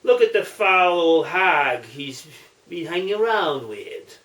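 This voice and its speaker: A man voicing a sharp-tongued old Irish mother in a joke, speaking slowly. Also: high-pitched, very animated, echoey room, far from the mic, heavily acted. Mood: tart.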